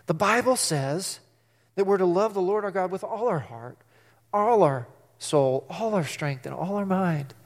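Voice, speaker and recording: A middle-aged pastor preaches a sermon with animation, acting out quotes and putting questions to the congregation. His voice is high and a little slow, trailing a long reverb tail.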